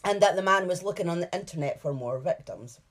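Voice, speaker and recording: A woman's voice: lowish voice, lively intonation, quick pace. A woman co-hosting a podcast, chatting casually and narrating a case, laughing often and hedging over details. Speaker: true crime podcast co-host.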